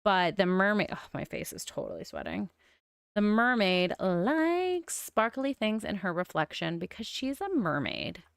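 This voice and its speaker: A woman's voice: medium pitch, very animated, measured pace, clear, resonant tone, no room sound, studio quality. A young adult woman with a mild lisp, streaming and musing aloud as she builds in a game, with frequent oohs. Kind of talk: casual game-building commentary.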